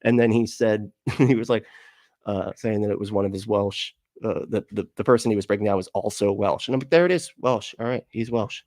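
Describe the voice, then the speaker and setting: A low-voiced man hosts a casual livestream, reading his chat aloud and rambling through loose thoughts. He laughs often and swears freely. The sound is dry and close, with no room around him. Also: fairly even intonation, fairly quick, dark tone, dry recording.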